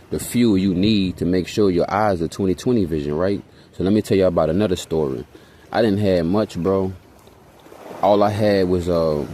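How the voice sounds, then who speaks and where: This Hawaiian vlogger is a young man with a low, dark voice, and a slight hiss or hum sits on the audio. His casual storytelling monologue wanders, leans on slang and swearing, and keeps checking in with "you know what I'm saying."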